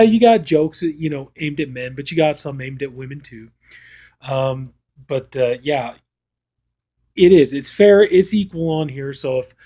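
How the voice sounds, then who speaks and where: A man's voice: fairly high pitch, dark tone. A man casually reviewing a comedy show, rambling and retelling the jokes with plenty of filler words. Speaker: film reviewer.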